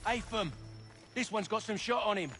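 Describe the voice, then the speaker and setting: A coarse, loot-hungry street thug talks in rough slang in a video game cutscene. His voice sits a little high. Game music plays underneath. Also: normal speed, bright, forceful tone. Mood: gruff banter. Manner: uncouth slangy speech.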